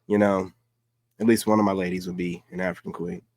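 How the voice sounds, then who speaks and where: A man's voice: low voice, flat delivery, brisk, a little mellow. A man hosting a casual livestream, reacting to clips in loose, emphatic street talk. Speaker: livestream host.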